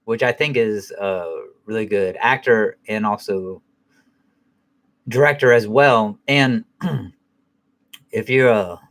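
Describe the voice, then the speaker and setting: A man's voice: lowish voice, slow pace, long pauses, fairly bright tone. A middle-aged man giving a casual spoken film review, rambling, profane, and often correcting himself.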